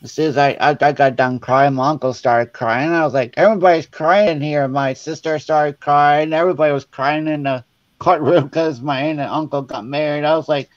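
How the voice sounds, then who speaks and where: A man's voice: on the high side, fairly even intonation, normal speed, no echo, lo-fi sound. Man telling stories with frequent laughter. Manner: laughing, tearful storytelling. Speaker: guest. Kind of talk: casual chat.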